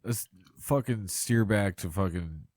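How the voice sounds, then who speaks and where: A man's voice: low-pitched, measured pace, darkish tone, no echo. A man hosting a podcast in casual chat, blunt and full of swearing, mostly giving short reactions. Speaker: podcast host.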